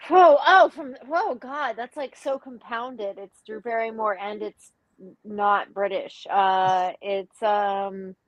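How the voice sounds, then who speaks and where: A woman's voice: medium pitch, takes it slowly, no echo, lo-fi sound. A woman guest in a casual live discussion over a video call, rambling and self-deprecating as she talks.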